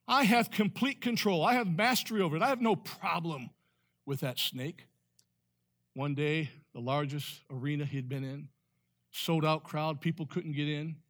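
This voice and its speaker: A male pastor delivering a sermon, telling a story with sudden loud rises and hushed drops. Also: fairly high pitch.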